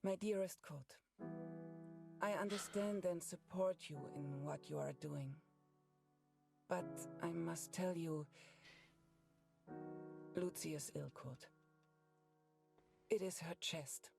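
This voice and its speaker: Game letter read by a loving wartime wife; slow, gentle, raspy, piano underneath. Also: female voice, fairly low pitch. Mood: tender worried. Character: loving wife writing to her husband at war. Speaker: game character reading a letter. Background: piano music.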